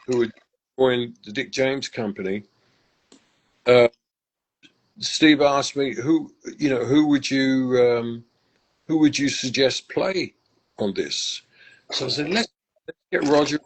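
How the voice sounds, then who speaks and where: An older Englishman, a musician appearing as a guest in a casual interview, tells stories in a mid-range voice. He's reflective and warm as he talks about faith, restarting often. The audio is poor, with slight background noise.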